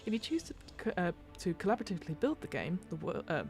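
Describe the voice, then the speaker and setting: A woman's voice: on the low side, very animated, fast, darkish tone, soft background music. A British woman hosting a podcast, reading a game rulebook aloud and breaking off into rambling, self-interrupting asides. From United Kingdom. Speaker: podcast host and game master.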